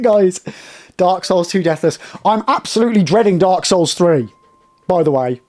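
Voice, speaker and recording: A man's voice: high voice, animated, a little slow, pauses often. A young man streaming a game live, elated and shaky with nerves after a win, talking to his chat in bursts.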